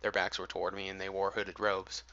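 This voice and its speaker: Man doing a mild-mannered young reporter, polite, steady, low voice, gravelly, storybook, lo-fi. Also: brisk. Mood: calm, probing. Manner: polite, steady, probing questions. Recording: dull lo-fi audio.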